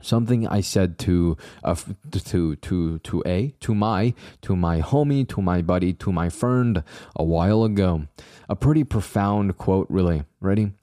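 A man's voice: low-pitched, animated, a little slow, warm tone, no echo, studio quality. A young man hosting his own podcast, rambling casually with jokey, self-deprecating asides to his listeners. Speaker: podcast host. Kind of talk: casual solo podcast monologue.

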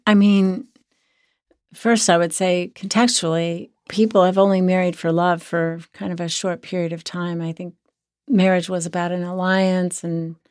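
A hoarse woman co-hosting a podcast as a sex therapist, talking in an earnest, reflective way. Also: fairly low pitch, level tone, moderate pace, darkish tone, no room sound, clean studio sound. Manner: earnest, reflective, many restarts. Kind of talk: casual podcast chat.

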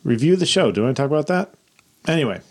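Lively higher-voiced man plugging a podcast. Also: racing. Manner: teasing, reads show plugs. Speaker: podcast co-host. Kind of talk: casual banter. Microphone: studio mic.

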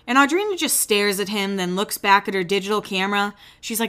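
A woman hosts a podcast recapping a reality show in a casual, gossipy way, acting out quoted lines in shifting voices and swearing casually now and then. Her mid-range voice is a bit bright, a little fast, with hardly any pauses.

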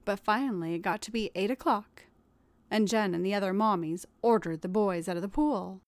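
A woman narrating a scripted story in a calm, even reading voice with occasional hushed asides. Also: medium pitch, moderate pace, no room sound.

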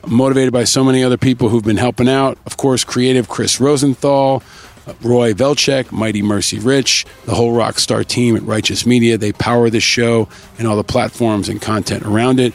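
A man hosting a podcast, upbeat as he reads out shout-outs and thanks to listeners in a casual scripted way. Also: mid-range voice, gravelly. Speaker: podcast host.

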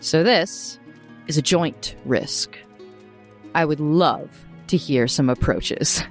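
Woman game master, low voice, unhurried descriptive narration over faint music. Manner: slow, descriptive storytelling.

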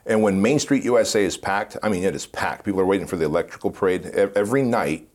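A man guest in an interview, telling animated stories and laughing often. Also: sits low, fast talker, hardly any pauses. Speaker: podcast guest. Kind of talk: casual storytelling interview.

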